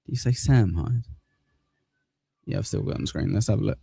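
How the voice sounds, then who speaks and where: A man from southern England, his accent close to Cockney, hosting a livestream and rambling through viewer comments. His voice sits low and dark, with a gravelly edge. The sound is close and dry. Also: brisk, no room sound. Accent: southern English, near Cockney. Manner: rambling, laid-back, swears casually. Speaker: livestream host. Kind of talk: casual chat reading viewer comments.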